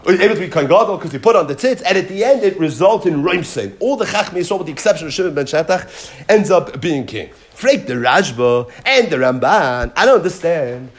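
A man giving a Talmud lesson, retelling and explaining the story in an animated, dramatizing way. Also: fairly high pitch, a little fast. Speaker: teacher.

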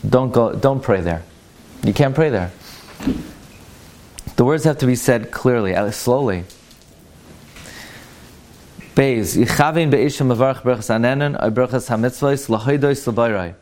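A man's voice: mid-range voice, normal speed, darkish tone. A man teaching a classroom lesson on Jewish law. He talks emphatically, repeats Hebrew words to correct their pronunciation and asks rhetorical questions. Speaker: Torah teacher.

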